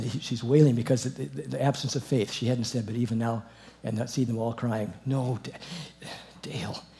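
Middle-aged man, Bible teacher, informal, animated, chuckles often. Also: medium pitch, vocal fry. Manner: animated, chuckling, reads verses then comments.

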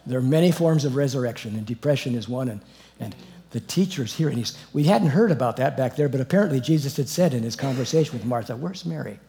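A man's voice: mid-range voice, fast, creaky. A middle-aged man teaching the Bible informally, reading verses aloud, commenting on them and chuckling as he goes. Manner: animated, chuckling, reads verses then comments.

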